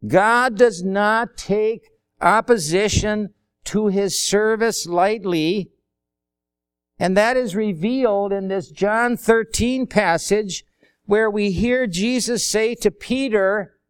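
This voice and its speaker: High-voiced slow-preaching man. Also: smooth. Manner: folksy, acts out little dialogues. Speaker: pastor. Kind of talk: sermon.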